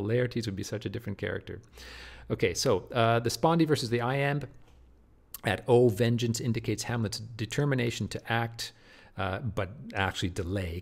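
A lower-voiced man lecturing on literature. He talks emphatically, often restarts mid-phrase and keeps checking in with "do you see?" His tone stays that of an explanatory teacher. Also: gravelly.

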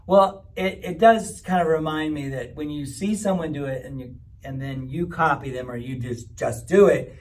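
A man, a pastor, gently explaining ideas to children at a church camp in a rambling, friendly way. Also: on the high side, moderate pace. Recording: mic from far off.

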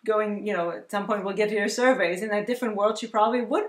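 Chatty woman co-host reading fan comments, medium pitch, roomy echo. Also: fairly even intonation, fast talker. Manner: enthusiastic, chatty. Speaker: vlog co-host. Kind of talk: casual chat, reading viewer comments aloud. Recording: echoey room.

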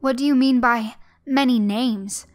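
A woman voicing a terrified young woman held captive, crying out high and loud. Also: very slow, soft background music. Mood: desperate. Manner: high, loud, desperate cries.

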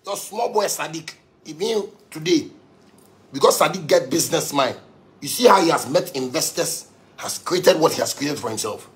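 A man's voice: on the high side, lively intonation, moderate pace, fairly bright tone. A man with a Ghanaian accent delivering an angry, profane rant to his audience, repeating himself for emphasis. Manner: heated, profane, repetitive.

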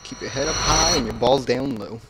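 A man's medium-pitched voice comes through heavy background noise at a moderate pace as he provides let's play commentary on a horror game. Casual and jokey, he swears freely, startles easily and yelps out loud at the frights.

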